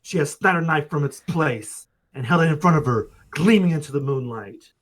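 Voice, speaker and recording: A man's voice: fairly high pitch, animated, moderate pace, low-quality recording. A man streaming, reading a visual novel aloud with casual joking asides to chat. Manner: casual, joking asides between narrated lines.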